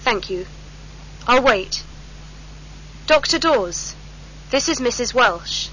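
Bright woman reading for learners. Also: fairly high pitch, animated, slow, pauses often. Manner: clear, careful reading. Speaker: textbook audio narrator. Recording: dull lo-fi recording with faint hum.

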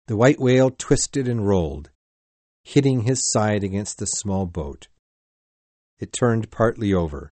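A man narrating a sea story in a deliberate, clearly paced reading. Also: lowish voice, mellow, no room sound. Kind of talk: slow simplified-English story reading.

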